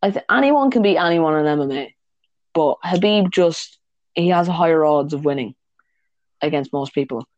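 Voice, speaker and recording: A man's voice: a little high, expressive, moderate pace, dry recording, highs cut off. Sweary laughing podcast co-host, man. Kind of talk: casual chat.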